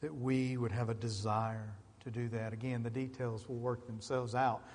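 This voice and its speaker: Impassioned pastor, ringing in a church hall. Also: male voice, medium pitch, flat delivery, normal speed. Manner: impassioned, building from quiet to loud emphatic calls. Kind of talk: sermon. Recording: long reverb of a large church hall.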